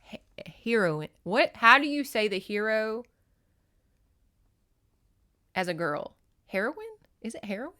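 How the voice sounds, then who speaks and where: A woman hosts a podcast, recapping a romance novel in a chatty, sarcastic way. Her voice is bright and forward, and she swears freely. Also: a little high, sing-song, moderate pace. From Shreveport, Louisiana, US. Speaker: podcast host. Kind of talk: casual comedic book recap.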